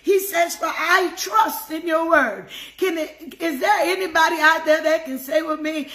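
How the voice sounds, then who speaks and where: A woman's voice: very high voice, unhurried, hardly any pauses, a bit bright, reverberant. A woman leading a devotional sermon, fervently praying aloud and repeating her phrases. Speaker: devotional teacher. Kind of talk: prayerful sermon on scripture.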